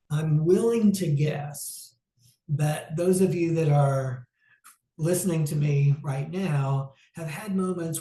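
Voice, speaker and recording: A man's voice: a little high, mellow. Man giving a reflective talk, roomy echo. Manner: reflective, conversational, acts out inner self-talk; frequent "um" pauses. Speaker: mental health speaker. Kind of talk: informal educational talk.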